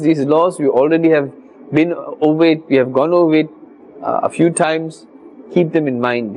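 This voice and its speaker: A man's voice: a little high, a little mellow, a little hiss or hum, rough recording. Patient man teaching Quran pronunciation. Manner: patient, repeats words slowly to model pronunciation. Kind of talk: religious recitation lesson.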